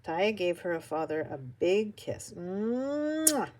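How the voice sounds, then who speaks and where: A woman's voice: on the low side, a little slow. Older woman reading a storybook. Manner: expressive, animated storytelling. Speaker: storybook reader. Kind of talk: reading a children's picture book aloud.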